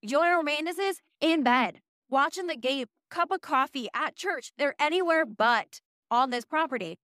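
A young woman in her early twenties with a high voice recounts her week as a podcast host. She talks in an animated, profane way and often makes fun of herself. The recording is dry and close. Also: normal speed, no room sound. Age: early 20s. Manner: animated, profane, self-mocking. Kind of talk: casual storytelling monologue.

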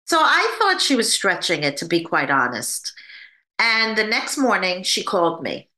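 A woman, a psychic medium, recounts her story in an interview with a bright, clear tone. Her pitch swings widely as she talks, and she acts out the voices of the people she quotes. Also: very animated, moderate pace.

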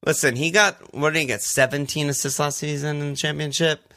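A man's voice: on the high side, steady tone, a little fast, pushed and bright. A man co-hosting a podcast, chatting casually, swearing freely and reading out listener questions. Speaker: podcast co-host. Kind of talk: casual chat.

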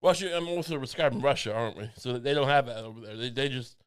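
A man's voice: medium pitch, rapid-fire, clear, resonant tone. A man co-hosting a podcast in rambling, joking casual chat, often stammering and restarting. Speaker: podcast co-host.

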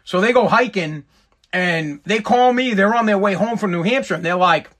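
A man in his thirties hosts his own podcast, delivering a solo rant that's profane, exasperated, and rambling. His voice sits high and a bit bright, at a moderate pace.

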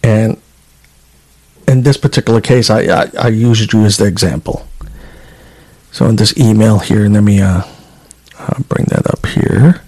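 A man's voice: lowish voice, unhurried, long pauses, a little mellow, husky. A man who served as a state trooper, talking casually in an interview and reading out emails, with frequent fillers and restarts. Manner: conversational, reads out documents, frequent fillers.

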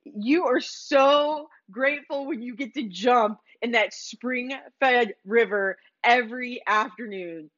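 A woman's voice: high-pitched, a bit bright, muffled recording, full character voice. A woman voicing a cheerful, thankful man who gushes enthusiastically about everything. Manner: gushing, enthusiastic.

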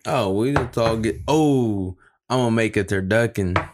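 A man's voice: lowish voice, background noise. A man who is a guest on a podcast, chatting casually and joking as he goes. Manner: joking, quick, laughs often.

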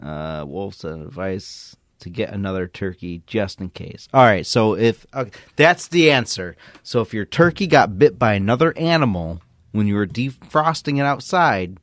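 A young man co-hosting a casual podcast, reading odd news stories aloud with deadpan, crude humor. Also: fairly low pitch, normal speed, no echo, clean studio sound. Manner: laid-back, deadpan, crude joking. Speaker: podcast co-host.

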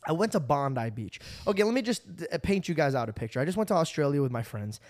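A man's voice: a little high, very animated, quick pace, darkish tone. A young man hosting a podcast, telling a rambling story with restarts and laughs, tired from no sleep. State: running on no sleep. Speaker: podcast host. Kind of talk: casual storytelling chat.

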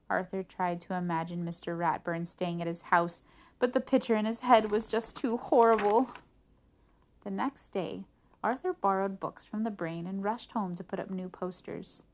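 A woman reading a children's picture book aloud with an animated delivery, lifting her voice for the characters' lines. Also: fairly low pitch, moderate pace. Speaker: storybook reader.

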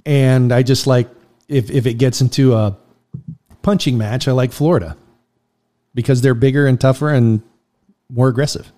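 Male co-host, average pitch, easygoing and measured, reading out picks. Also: fairly even intonation, mellow. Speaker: podcast co-host running the predictions. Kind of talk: casual sports podcast chat.

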